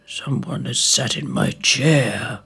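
A woman voicing a big gruff father bear in a storybook, growling his lines low and quietly. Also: takes it slowly, full character voice.

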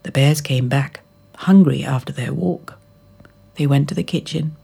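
A woman reading a children's storybook aloud, slowly and expressively. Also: very deep voice, creaky, breathy edge. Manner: expressive, slow and drawn out.

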